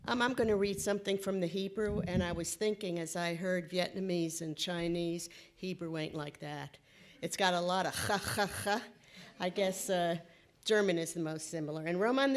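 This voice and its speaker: Woman poet with a lowish voice and wry asides, reading at an open mic. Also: moderate pace. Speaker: poetry reader at an open mic. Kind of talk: casual intro and bilingual poetry reading.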